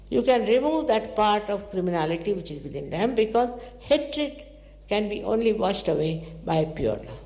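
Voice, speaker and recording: A woman giving a spiritual talk to followers, telling stories in an animated way, her pitch leaping up and dropping low. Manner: animated storytelling with sudden pitch jumps. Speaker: spiritual teacher. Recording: echoey hall recording.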